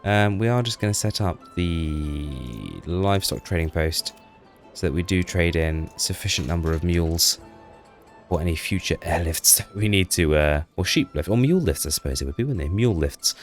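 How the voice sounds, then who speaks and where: A deep-voiced man gives casual commentary over his own gameplay, chatty and self-deprecating. He talks to the little people on screen as he goes, with faint music underneath. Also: lively intonation, normal speed.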